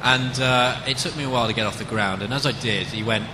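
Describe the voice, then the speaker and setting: A man's voice: mid-range voice, quick pace, long reverb tail. A man in an interview casually telling a self-mocking story about himself, with a noisy background. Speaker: actor in an interview. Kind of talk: casual anecdote.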